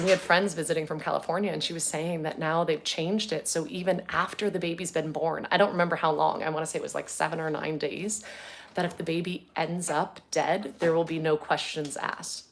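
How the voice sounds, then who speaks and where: A woman's voice: low voice, creaky. A woman in her thirties, a podcast host, talking earnestly and casually at home with lots of fillers. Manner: chatty, earnest, many fillers. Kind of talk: casual talk to camera.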